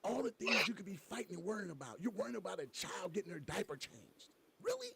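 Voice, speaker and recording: A man co-hosting a podcast in casual comedic chat, an animated storyteller with loud bursts. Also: sits high, fast talker, vocal fry, over a noisy crowd. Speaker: podcast co-host.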